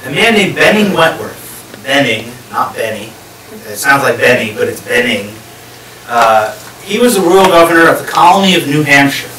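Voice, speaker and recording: A male guest lecturer with a slightly high, animated voice, pushed and bright, keeps a moderate pace during a public history lecture to a live audience. He explains step by step and questions his listeners. It was recorded on a distant mic in an echoey room, with a faint hiss.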